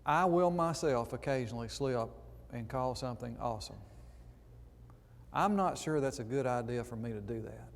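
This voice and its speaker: A man preaches in a church auditorium, reading scripture aloud and drifting into chatty, conversational asides. His voice sits at an ordinary pitch, and a long reverb from the hall trails behind every phrase. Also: moderate pace.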